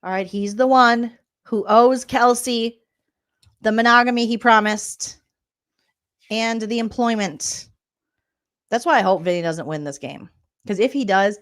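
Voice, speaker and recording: A woman comedian hosting a reality-TV recap vlog, talking sarcastically and breaking into mocking impressions. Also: a little high.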